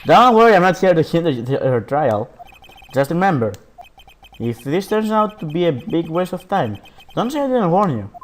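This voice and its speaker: A man's voice: on the high side, very animated, normal speed, slight background noise. A man voicing a boisterous, smug older police chief from a game with a jovial, mocking manner. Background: background game music.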